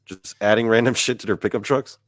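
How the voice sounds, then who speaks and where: A young man telling a story in casual chat with a friend, animated and swearing freely. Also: lowish voice, fairly quick, no echo, clean studio sound. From Baltimore–Washington area, US. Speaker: podcast co-host.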